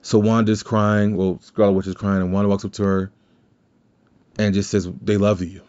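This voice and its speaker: A man with a lowish voice recaps a movie in a loose, rambling way, dropping in quoted lines as he goes. The recording sounds dull and lo-fi. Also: level tone, normal speed, a little mellow, smooth. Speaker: podcast host.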